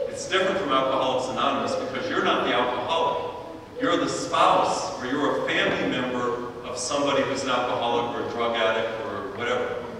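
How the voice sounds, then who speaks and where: A man's voice: medium pitch, fairly bright tone, slight background noise. A male priest delivering a sermon in a church, telling stories and stretching out emphatic phrases. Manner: storytelling preacher, drawn-out emphatic phrases. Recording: echoey church from a distant mic.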